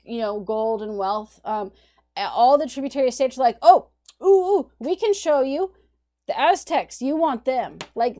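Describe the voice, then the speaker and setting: A woman's voice: mid-range voice, warm tone. A woman art history instructor giving a conversational recorded lecture, talking through images on her slides. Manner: conversational, explaining images on screen.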